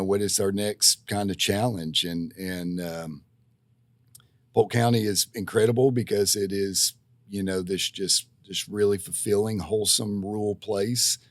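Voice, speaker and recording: A man's voice: on the low side, dry recording. A man, a physical therapist guest on a podcast, talking casually with many restarts and folksy stories. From Tennessee, USA. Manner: rambling, many restarts and fillers, folksy storytelling. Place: podcast studio.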